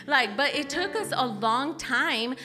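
A young adult woman telling a story in casual talk, animated and laughing, with many "like"s and "okay?"s. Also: high voice, slow pace, soft background music.

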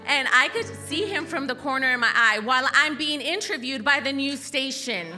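A young adult woman telling a story in casual talk, animated and laughing, with many "like"s and "okay?"s. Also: high-pitched, normal speed, over music.

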